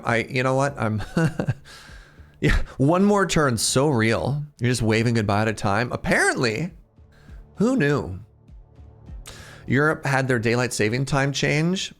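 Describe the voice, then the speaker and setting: A man in his thirties giving casual, animated live-stream commentary as he plays, laughing often and chatting with his viewers. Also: medium pitch. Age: 30s. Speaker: game streamer.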